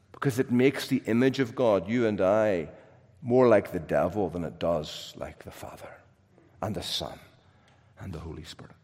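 A man preaching a sermon, swinging between loud, emphatic lines and soft, hushed drops. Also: mid-range voice. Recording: long reverb of a large hall.

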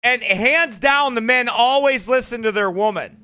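A man's voice: very high voice, moderate pace, sharp tone, clear, resonant tone. A male pastor preaching in a combative, mocking, emphatic way. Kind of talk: fiery preaching broadcast.

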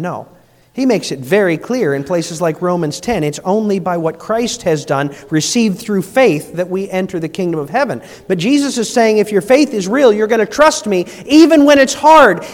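Male pastor, high voice, sermon delivery with soft lows and emphatic climbs, long hall reverb. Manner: swings between soft, low passages and rising, emphatic appeals.

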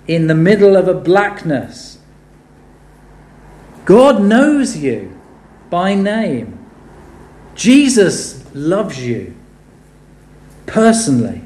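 A man preaching a sermon, animated and building to emphatic rhetorical questions. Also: a little high. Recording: echoey room.

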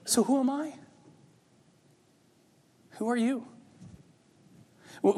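A pastor preaches a sermon in a church sanctuary, his words carrying hall reverb. His high, animated voice moves slowly with long pauses, conversational at times and building to emphatic peaks.

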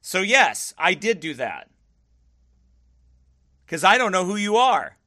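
A man with a high, bright, pushed voice and big swings in pitch speaks slowly while pastoring a livestream. He answers viewer comments firmly, even defensively, and repeats himself for emphasis.

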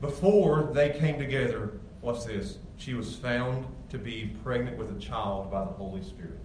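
A man's voice: medium pitch, normal speed. Guy pastor preaching, kinda chatty and emphatic, echoey room, faint background hum. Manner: conversational, emphatic preaching with repeated restarts. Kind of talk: sermon. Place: church sanctuary with congregation. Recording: echoey room, far from mic, faint ambience.

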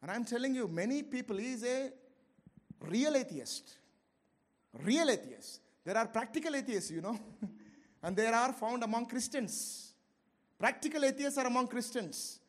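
A man preaching a sermon with passion, swinging between loud, fervent lines and quiet, low asides. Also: animated, normal speed. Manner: impassioned, swings between shouting and low asides, laughs often. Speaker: pastor.

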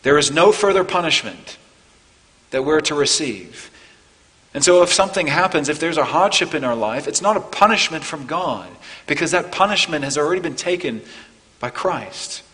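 A man preaching a sermon as pastor, earnest, building to emphatic peaks and then softening. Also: medium pitch, in a large hall, rough recording. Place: church.

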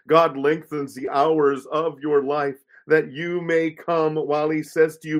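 Solemn male reader, measured. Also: fairly high pitch, level tone. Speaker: reader of a pastor's memoir. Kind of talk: reading aloud a first-person story.

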